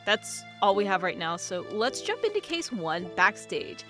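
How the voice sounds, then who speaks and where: A woman's voice: medium pitch, huge pitch swings, normal speed. A woman chatting casually and laughing at herself while playing a video game. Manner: chatty, giggly, self-deprecating. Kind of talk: casual let's-play commentary. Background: game music.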